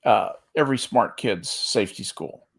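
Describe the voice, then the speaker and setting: A man on a podcast panel, talking in a halting way with lots of restarts. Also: fairly low pitch, creaky, breathy edge. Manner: halting, many restarts and stammers. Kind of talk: casual chat.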